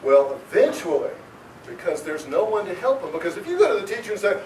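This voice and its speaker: A man, a children's author, giving a lively, expressive talk to schoolchildren and asking them questions. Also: high-pitched, fast talker, a little hiss or hum. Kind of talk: animated talk and reading to schoolchildren. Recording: echoey school room, far from mic. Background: children in the audience.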